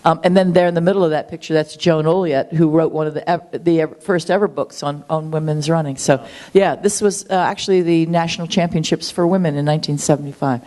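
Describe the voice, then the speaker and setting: Woman, 60s, low voice, guest interview, chatty, keen, full of ums. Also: fairly even intonation, brisk, hardly any pauses, mellow. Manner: chatty, enthusiastic, with frequent ums and restarts. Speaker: guest, author and marathon runner. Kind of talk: conversational interview.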